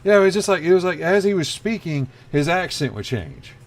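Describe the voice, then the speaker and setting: A man's voice: fairly high pitch, very animated, a little fast. A man hosting a casual livestream while he draws, telling long rambling stories and swearing freely. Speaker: livestream host drawing. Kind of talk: casual chat while drawing.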